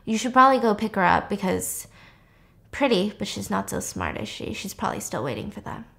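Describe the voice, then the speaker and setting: A woman's voice: medium pitch, sing-song, a little fast, creaky, fairly bright tone. A woman voicing a cold, mocking young woman who taunts with heavy sarcasm.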